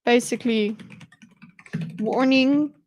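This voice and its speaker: A woman streamer with a slightly high voice chats casually while breaking down a debate. She reads lines aloud, mutters notes to herself and drops joking asides. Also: fairly even intonation, takes it slowly, darkish tone, dull audio, a little hiss or hum. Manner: chatty, muttering asides while reading along. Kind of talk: casual livestream commentary.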